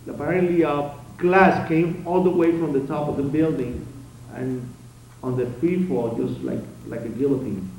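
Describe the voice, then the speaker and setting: A man's voice: mid-range voice, unhurried. Man telling a dramatic story in an echoey hall. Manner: dramatic storytelling with sharp swings between loud outbursts and hushed passages. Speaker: conference speaker. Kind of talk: public speech, first-person testimony. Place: conference hall. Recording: very echoey hall, distant mic, faint noise.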